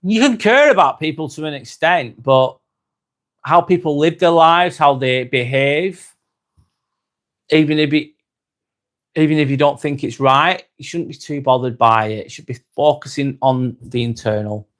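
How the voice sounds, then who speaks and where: A man with an East Lancashire accent hosting a live stream, chatting calmly with viewers, reading their comments and calling them mate as he winds down. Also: medium pitch. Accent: East Lancashire English. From North West England. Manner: calm, unhurried, winding down, calls people mate.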